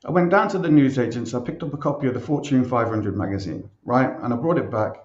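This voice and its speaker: An Irish man, a podcast guest, telling a story in a chatty, animated way and swearing casually. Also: mid-range voice, fast. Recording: roomy, dull recording.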